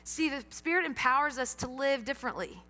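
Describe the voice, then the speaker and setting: A woman's voice: sits high, a little fast, bright, forceful tone. A middle-aged woman pastor giving a sermon in a church, telling stories with animation and acting out her own reactions. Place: church sanctuary. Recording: long hall reverb.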